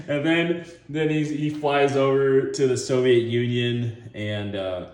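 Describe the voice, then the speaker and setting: A man hosting a casual, rambling monologue. He chuckles often and acts out scenes in voices as he pitches a movie idea. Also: fairly even intonation, slow, hardly any pauses, a little mellow, roomy sound. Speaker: online video host.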